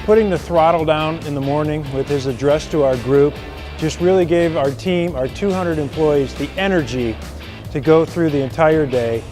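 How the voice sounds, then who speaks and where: A man speaks steadily and earnestly in a testimonial. His voice is a little higher than most men's. Music plays clearly behind him. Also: moderate pace. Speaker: company leader giving a testimonial. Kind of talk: recommendation testimonial.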